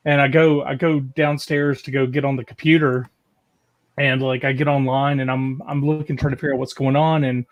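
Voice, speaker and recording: A man's voice: medium pitch, level tone, brisk, lo-fi sound. A man telling a long story in a loose, casual way, full of "like" and restarts, from a video call. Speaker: guest caller.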